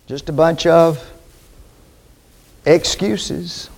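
High-voiced preacher man, emphatic. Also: lively intonation, measured pace. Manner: emphatic, rhetorical questions to the congregation. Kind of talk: sermon.

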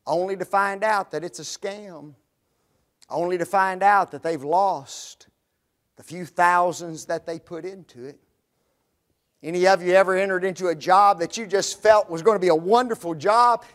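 A male preacher delivering a sermon, using rhetorical questions and dropping into quiet, dramatic pauses. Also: high-pitched.

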